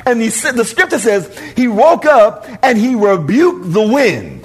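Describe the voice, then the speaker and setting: A male pastor preaching a sermon to his congregation in church, animated, often repeating and restarting words. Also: very high-pitched, measured pace.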